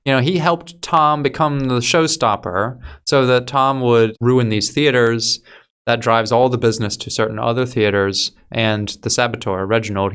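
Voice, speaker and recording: A man's voice: medium pitch, a bit bright, smooth. Brief: male co-host, dry analytical casual talk. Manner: analytical, wry. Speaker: podcast co-host. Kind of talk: casual chat.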